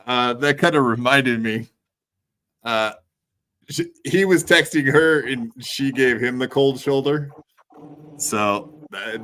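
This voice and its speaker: A man's voice: medium pitch, a bit bright. A man hosting a podcast, chatting bluntly and profanely in casual commentary. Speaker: podcast host.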